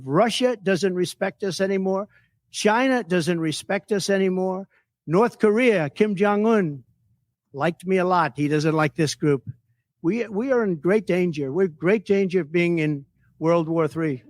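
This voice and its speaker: A man's voice: high voice, no echo, clean studio sound. A man running for office, answering reporters' questions at a press conference in a boastful, repetitive and emphatic way. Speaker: political candidate at a press conference.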